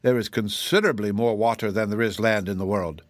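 A man voicing a learned, dignified old wizard in a storybook, speaking with calm authority. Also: lowish voice, a little fast, no room sound, lightly acted. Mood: assured. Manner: authoritative, declaring.

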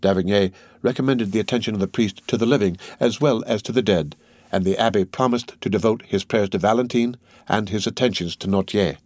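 Male reader narrating a classic novel, steady and measured, low voice; dry close recording. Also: no echo. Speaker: audiobook reader.

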